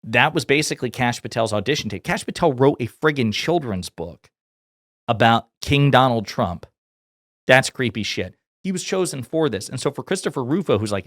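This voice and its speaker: A man's voice: mid-range voice, lively intonation, moderate pace, fairly bright tone, no room sound, studio quality. A man from Kentucky giving casual political commentary in a blunt, sarcastic, profane way.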